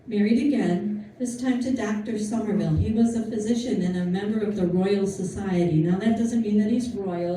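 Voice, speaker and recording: Woman lecturer, mellow dark voice, chatty storytelling, distant mic, very echoey room. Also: medium pitch, a little hiss or hum. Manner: chatty, animated storytelling with asides and fillers. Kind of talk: informal history talk to an audience.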